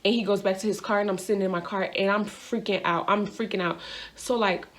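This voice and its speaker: A woman's voice: medium pitch, steady tone, brisk, a bit bright. Young woman rambling through a story. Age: young adult. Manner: rambling, repeats herself with filler "like". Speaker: vlogger. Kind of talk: storytime monologue.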